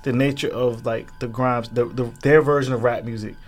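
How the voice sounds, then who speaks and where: A man's voice: mid-range voice, steady tone, a little fast, soft background music. A man on a radio panel, talking in a laid-back, slangy way. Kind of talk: casual panel chat.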